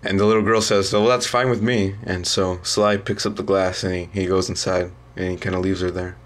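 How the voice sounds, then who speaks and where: Low-voiced young man, halting storyteller. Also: monotone. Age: young adult. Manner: halting, full of ums and restarts. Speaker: student. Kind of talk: casual story retelling.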